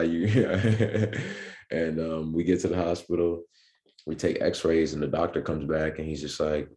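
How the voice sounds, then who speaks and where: A young man with an extremely deep, low voice speaks as a podcast guest. He tells his story in a relaxed, unhurried way and fills his pauses with ums and restarts. The feel is casual interview talk. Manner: laid-back, filler-heavy storytelling. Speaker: podcast guest, pro basketball player.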